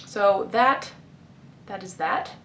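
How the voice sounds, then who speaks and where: A woman in her twenties giving an animated, exasperated rant about books in a casual vlog, recorded on a camera mic at home. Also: medium pitch, takes it slowly. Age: 20s. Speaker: book vlogger. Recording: echoey room, faint noise.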